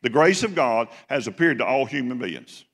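A man's voice: medium pitch, big pitch swings, normal speed, fairly bright tone. A pastor delivers a Sunday sermon with a mid-range voice, pressing his points through repeated phrases and questions to the room. His voice carries into the long reverb of a large church sanctuary. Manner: emphatic, repetitive preaching with rhetorical questions. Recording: long echo of a church hall.

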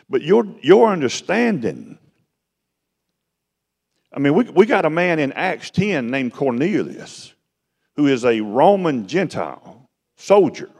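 A man delivers a sermon in a folksy, conversational manner, often swelling louder and higher. His pitch moves a great deal from phrase to phrase. The sound carries the long reverb of a large hall. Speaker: preacher.

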